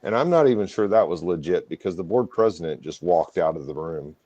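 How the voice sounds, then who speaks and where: A low-pitched man with a dark, mellow voice, chatting casually on a podcast and laughing easily. The sound is dry and a bit dull, like a lo-fi recording. He takes the other side of the argument for fun. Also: a little fast. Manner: relaxed, laughs easily, plays devil's advocate. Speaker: co-host.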